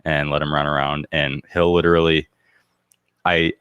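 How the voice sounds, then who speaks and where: A man with a very deep, bright, forceful voice hosts a relaxed chat, joking and drifting off topic. The sound is close and dry. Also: moderate pace, smooth, dry recording, muffled recording. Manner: joking, rambling, laughs often. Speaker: host. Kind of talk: casual interview chat.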